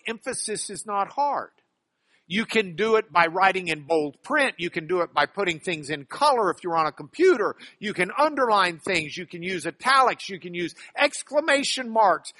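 A man's voice: high voice, bright, forceful tone, no room sound. A man who works as a trial lawyer teaching a class from slides, folksy and emphatic, with joking asides.

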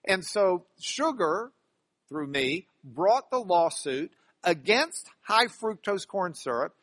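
Bright, high-voiced man teaching a class. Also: no echo. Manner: folksy, emphatic, joking asides. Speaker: teacher and trial lawyer.

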